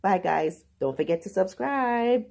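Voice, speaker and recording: A woman's voice: mid-range voice, unhurried, vocal fry, husky. A woman casually retelling a novel's plot in a chatty, slangy way as a book vlogger. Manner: animated, slangy retelling with asides. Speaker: book reviewer. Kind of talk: casual book review vlog.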